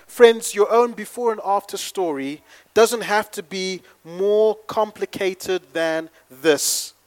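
A man preaching to his congregation, playful and chatty, then building to fervent shouting. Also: sits high, slow pace. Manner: playful, leads the congregation in call-and-response. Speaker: pastor. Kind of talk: sermon.

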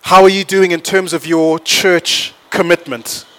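A male pastor preaching a sermon, animated, swinging between loud storytelling and soft, slow points. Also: sits high.

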